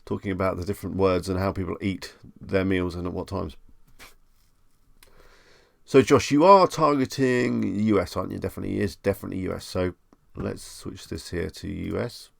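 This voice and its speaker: A man's voice: low-pitched, fairly even intonation, moderate pace, gravelly, dry recording, studio quality. A man hosting a live stream in a casual, chatty way, reading questions aloud and musing on each one. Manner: chatty, reads questions aloud and muses on them.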